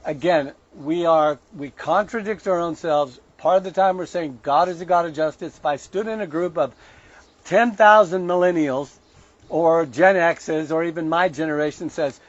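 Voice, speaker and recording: A man's voice: on the high side, normal speed. Emphatic man preaching, lo-fi sound. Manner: conversational preaching, quotes scripture, emphatic asides. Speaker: online preacher and show host. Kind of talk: sermon-style commentary.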